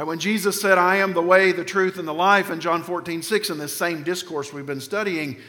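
A man preaching a sermon as pastor, emphatic, often sinking low and quiet at the ends of phrases. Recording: long hall reverb.

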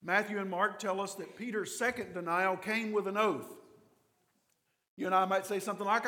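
Male pastor, Kentucky mountain accent, slightly higher voice, animated sermon, long hall reverb. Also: moderate pace. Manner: animated storytelling, acts out quoted voices.

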